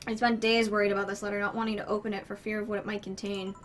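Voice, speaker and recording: A woman's voice: mid-range voice, flat delivery, rapid-fire, slight background noise, lightly acted. A woman voicing a nervous, blunt young female bartender as she reads visual novel dialogue aloud. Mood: exasperated.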